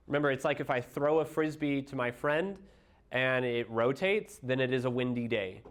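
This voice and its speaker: Midwestern guy teaching chem in a classroom, explains stuff step by step, throws questions at the class. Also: medium pitch. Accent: Midwestern American. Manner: explains step by step with everyday analogies, quizzes students. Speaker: chemistry teacher. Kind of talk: classroom review lecture.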